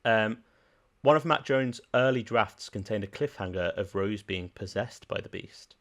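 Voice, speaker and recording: A man's voice: fairly low pitch, normal speed, vocal fry, a bit bright. A man with a Birmingham accent co-hosting a podcast, chatting and reading out trivia facts. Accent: Birmingham English. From England. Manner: reads out production facts, chatty, laughs easily. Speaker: podcast co-host.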